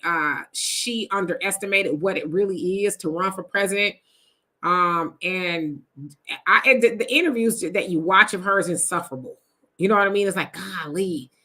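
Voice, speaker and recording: A woman's voice: medium pitch, bright, forceful tone. A woman hosting a live stream, reading viewer comments aloud and answering them in a chatty, casual way. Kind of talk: casual livestream chat.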